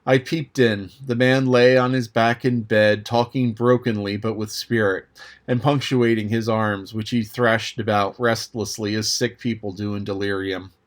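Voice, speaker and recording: Male audiobook reader, measured and even narration of a classic novel. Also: fairly low pitch. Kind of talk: scripted narration.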